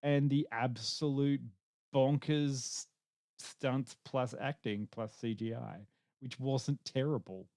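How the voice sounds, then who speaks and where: A man hosting a podcast, chatting casually about a show with lively, joking asides and the odd swear word. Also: medium pitch, slow pace, dry recording, clean studio sound. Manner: animated, swearing, self-mocking asides. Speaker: podcast host. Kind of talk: casual review chat.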